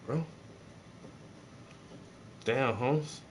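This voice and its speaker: A man's voice: mid-range voice, drawn-out words, slight background noise. A man, chatting casually and profanely while he paints, joking and rambling to his viewers. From South Carolina.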